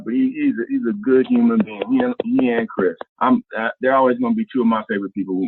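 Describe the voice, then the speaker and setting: A man from Ohio, a former basketball player, telling stories as a guest in a casual, colloquial way, acting out quotes with big jumps in pitch. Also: husky, no room sound. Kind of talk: casual storytelling. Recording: tinny phone-line sound.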